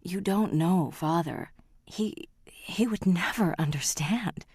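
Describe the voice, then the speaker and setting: A woman reading the part of a timid young daughter who speaks hesitantly and softly. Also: medium pitch, normal speed, no echo, clean studio sound, pitched above the performer's own voice, close to an everyday voice. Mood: anxious.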